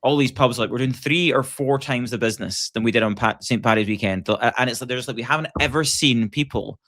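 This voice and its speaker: A man's voice: mid-range voice, quick pace, fairly bright tone, no room sound, studio quality. A Scottish man co-hosting a casual podcast chat, enthusiastic and rambling, with many restarts and the odd swear. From Scotland. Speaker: podcast co-host.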